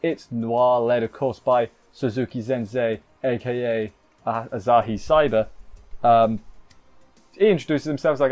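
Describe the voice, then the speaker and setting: A man's voice: medium pitch, steady tone, normal speed, a little mellow, muffled recording, faint music behind. A man giving a rambling, jokey live recap of an anime episode, often poking fun at himself. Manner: rambling, jokey, self-deprecating. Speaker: anime reviewer.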